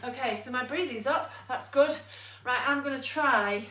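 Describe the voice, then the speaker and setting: Woman fitness coach, high bright voice, slow and out of breath, roomy echo from a distance. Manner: upbeat coaching, counting down, laughing at herself. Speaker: fitness instructor. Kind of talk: live online exercise class.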